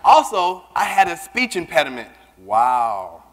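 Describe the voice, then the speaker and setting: A man giving a keynote speech, telling personal stories in an animated way and acting out the voices of the people he quotes. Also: a little high, normal speed. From Southern United States. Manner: animated, acts out quoted voices, repeats words when starting a line. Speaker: keynote speaker. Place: large conference hall. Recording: reverberant hall.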